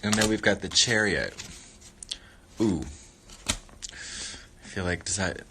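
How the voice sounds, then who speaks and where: A man's voice: lowish voice, lively intonation, takes it slowly, bright, forceful tone, a little hiss or hum. A man hosting a casual livestream, chatting playfully while he eats and rambling between muttered catchphrases. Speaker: livestream host.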